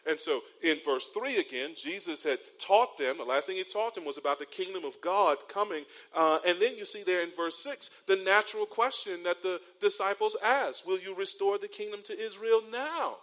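A man's voice: high voice, fairly bright tone, rough recording. A man from North Carolina preaching a sermon as a pastor, telling stories and often calling his listeners beloved. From North Carolina, USA. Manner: storytelling preacher with rhetorical tags, addresses listeners as beloved.

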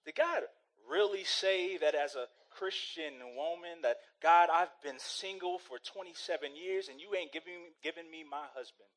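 A man's voice: on the high side, moderate pace, hardly any pauses, fairly bright tone, natural voice. A man preaching who voices a single Christian woman, pleading and justifying herself to God. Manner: pleading, self-justifying inner monologue.

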